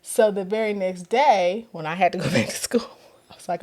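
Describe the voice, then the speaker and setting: A woman's voice: mid-range voice, moderate pace. A woman telling a personal story in casual conversation, acting out the voices of other people with laughter. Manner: animated, acts out quoted voices with laughter. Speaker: guest.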